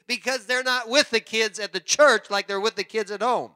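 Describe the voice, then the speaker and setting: A man pastor preaching a sermon in church, animated and joking with the congregation. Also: high-pitched, a little fast, few pauses. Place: church sanctuary.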